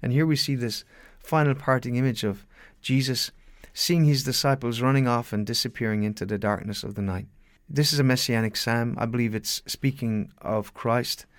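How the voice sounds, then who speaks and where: A man's voice: mid-range voice, moderate pace, dry recording. A male pastor giving a radio sermon, reading scripture in an earnest, emphatic way.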